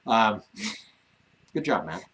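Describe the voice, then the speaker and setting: A man's voice: fairly low pitch, big pitch swings, takes it slowly, fairly bright tone, rough recording. A man co-hosting a casual ranch livestream, talking in an easygoing way with lots of fillers and restarts and some teasing. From Wyoming. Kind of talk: casual live-stream chat.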